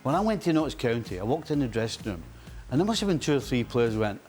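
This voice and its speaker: Animated man telling football stories. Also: medium pitch, fast, faint music behind. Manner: animated storyteller who laughs and acts out quotes. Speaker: football pundit, former player. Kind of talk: casual panel chat, anecdotes.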